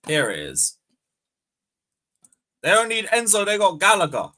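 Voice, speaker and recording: A young man hosting a fan livestream, bantering loudly, swearing and taunting viewers. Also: high-pitched, huge pitch swings, unhurried. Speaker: fan channel host. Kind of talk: casual livestream chat.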